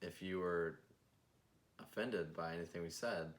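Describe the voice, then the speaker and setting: A young adult man co-hosting a casual chat, laughing often and tossing in quick jokes. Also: low voice. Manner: laughs often, throws in quick jokey interjections. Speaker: podcast co-host.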